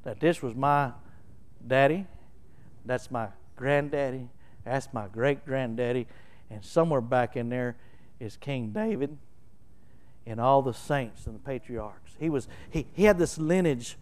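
A middle-aged man with a Southern Oklahoma accent preaching a sermon, telling folksy stories and swelling into loud, emphatic bursts as he explains scripture. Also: medium pitch, a little slow. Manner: animated, folksy storytelling with laughter and emphatic swells. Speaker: pastor.

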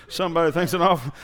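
Male pastor, fairly high voice, folksy storytelling sermon with shouted peaks.

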